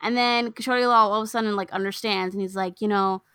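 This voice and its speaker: A woman's voice: medium pitch, quick pace, smooth, no echo. A woman chatting casually as a podcast co-host, animatedly retelling a film and acting out the lines. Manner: animated storyteller acting out quotes. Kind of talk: casual movie recap chat.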